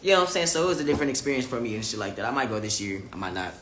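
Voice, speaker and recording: A man's voice: fairly low pitch, very fast, a bit bright, reverberant, a little hiss or hum. A man livestreaming casual chat to his viewers and reading their comments, candid, profane and emphatic. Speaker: vlogger talking live to viewers.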